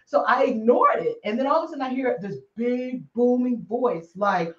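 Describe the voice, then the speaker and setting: Animated, laughing woman on a distant line. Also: on the high side, moderate pace, lo-fi sound. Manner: animated storyteller, laughs often. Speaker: psychic guest. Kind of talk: casual interview chat. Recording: distant roomy remote call audio.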